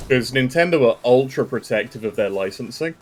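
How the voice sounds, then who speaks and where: A man's voice: medium pitch, animated, a little fast, darkish tone. A British man chatting casually with viewers while streaming a game, joking and rambling as he talks. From Britain. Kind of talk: casual live-stream chat.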